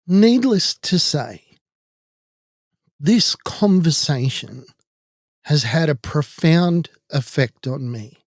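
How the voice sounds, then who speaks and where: Irish male podcast host, somewhat high voice, dry close sound, indignant storyteller. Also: lively intonation, takes it slowly, long pauses, a little mellow, no echo. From Ireland. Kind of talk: personal monologue.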